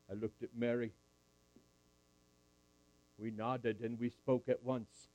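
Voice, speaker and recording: A man's voice: mid-range voice, flat delivery, slow pace, long pauses, dry recording, narrow, tinny audio. A man at a camp meeting, telling a Bible story in character in the first person and calling up audience volunteers. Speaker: camp speaker.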